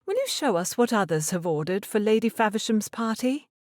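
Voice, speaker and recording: A woman's voice: mid-range voice, very animated, a little fast, no echo, clean studio sound, pitched above the performer's own voice, lightly acted. A woman narrator voicing a stern, controlling middle-aged mother in an audiobook, speaking in an imperious, clipped manner. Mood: anxious, insistent.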